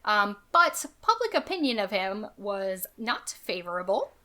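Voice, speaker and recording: A woman's voice: medium pitch, big pitch swings, unhurried, bright, forceful tone. Chatty woman podcast host. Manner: chatty, filler-heavy, reads quotes aloud. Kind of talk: casual podcast storytelling.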